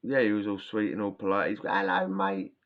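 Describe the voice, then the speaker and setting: A man's voice: lowish voice, steady tone, quick pace. A man telling prison stories in a rambling, slangy way, often restarting his sentences, with a sore throat. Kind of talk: casual storytelling. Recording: dull lo-fi sound.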